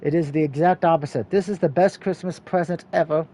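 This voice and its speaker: A man reads the narration of a story game aloud, with a high voice and a dark, mellow tone. He stumbles over words and corrects himself as he goes. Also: fairly even intonation, fairly quick. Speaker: let's play reader.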